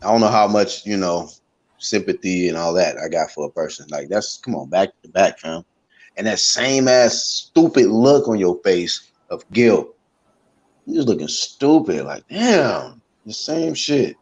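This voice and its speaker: A man's voice: low voice, animated, unhurried, darkish tone. A man co-hosting a live boxing talk show, blunt and heated, swearing freely. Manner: blunt, heated, profane critique. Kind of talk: casual live-stream chat.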